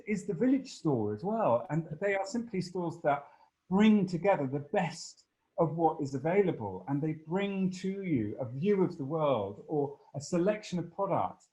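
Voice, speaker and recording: A man giving a long, animated interview answer, full of fillers and playful asides. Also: a little high, low-quality recording. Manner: expansive, animated storytelling with many fillers.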